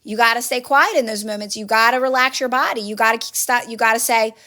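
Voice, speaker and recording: A woman's voice: a little high, fairly even intonation, fast talker, pushed and bright. A woman hosting a phone livestream, giving casual motivational advice to viewers in an earnest, repetitive coaching manner. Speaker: livestream host.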